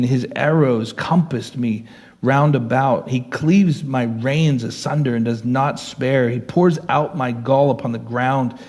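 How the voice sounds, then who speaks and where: A man's voice: mid-range voice, a little mellow, slightly rough. A man preaching as a pastor, teaching verse by verse, reading scripture aloud and explaining it in an earnest, conversational way.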